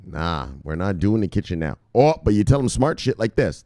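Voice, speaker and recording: Male crypto host, mid-range voice, hyped preacher-style rant, very expressive, profane, dry close sound. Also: lowish voice, moderate pace, few pauses, no room sound. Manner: fired-up, preacher-like, swears constantly, repeats "look, look". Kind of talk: profane ranting commentary.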